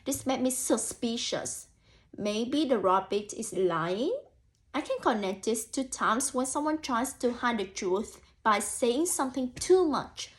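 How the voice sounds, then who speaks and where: A woman's voice: fairly high pitch, animated, measured pace. A young woman student teacher reading a picture book aloud to children and thinking aloud about it in an encouraging way. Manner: encouraging, frequent 'so' and 'mm', addresses imagined children.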